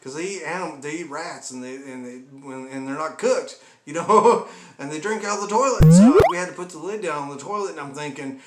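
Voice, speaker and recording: A man's voice: fairly high pitch, brisk. Rambling, chuckling man telling pet stories. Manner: rambling, chuckling, exaggerated asides. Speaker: comedy vlogger. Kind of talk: rambling comic storytelling. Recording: echoey room with background noise.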